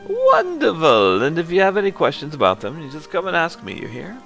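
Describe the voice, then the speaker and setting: A man voicing a cheery, kindly older woman in a high, sing-song, fussing voice. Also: wildly swooping pitch, fairly quick, vocal fry, sharp tone, soft background music, full character voice. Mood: fond.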